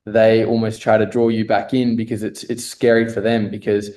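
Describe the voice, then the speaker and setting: A man's voice: on the low side, level tone, moderate pace, dark tone. A man, a fitness coach, speaking as a podcast guest and telling a personal story in a reflective, earnest way with many fillers.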